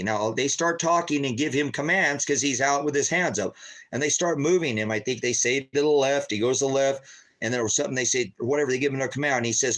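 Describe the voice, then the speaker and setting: A man's voice: medium pitch, a little fast, a bit bright. A man giving an agitated, heavily profane, rambling livestream monologue to his viewers, repeating himself often. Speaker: ministry livestreamer.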